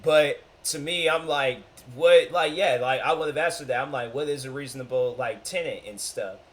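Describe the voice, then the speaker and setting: A man hosting a reaction video, talking in an animated, rambling way and acting out quotes. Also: medium pitch, moderate pace. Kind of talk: casual reaction commentary.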